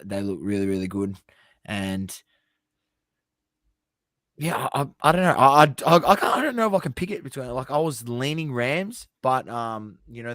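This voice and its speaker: A man's voice: fairly low pitch, dry recording. An Australian man talking sports on a podcast, blunt and profane, hammering his points home by saying them twice. His voice sits close and dry on the mic, with no room around it. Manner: blunt, swears freely, repeats himself for emphasis. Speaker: podcast co-host. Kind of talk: casual sports chat.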